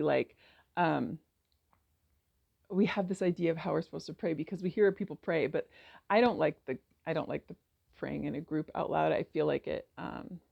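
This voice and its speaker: A woman's voice: fairly low pitch, vocal fry, mellow, highs cut off. A woman hosting a casual faith reflection, talking earnestly and rambling with many restarts. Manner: acts out prayers in a raised, heated voice. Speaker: podcast host.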